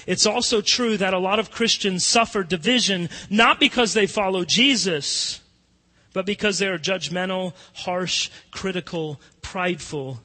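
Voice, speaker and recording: A man preaching a sermon as pastor, emphatic, moving between hushed and loud passages. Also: on the high side. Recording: long reverb of a church hall.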